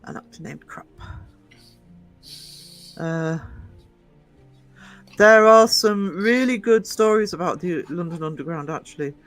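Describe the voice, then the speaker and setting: Man, casual chat, rambling anecdotes, lots of fillers, fairly high voice, faint music behind. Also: a little slow, long pauses, a bit bright, no room sound, rough recording.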